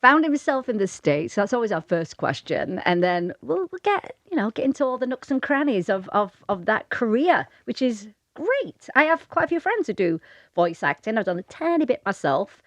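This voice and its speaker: Woman, British accent, co-host, chatty, lively pitch, dry close sound. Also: normal speed, no echo. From Britain. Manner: chatty, laughs often. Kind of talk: casual chat.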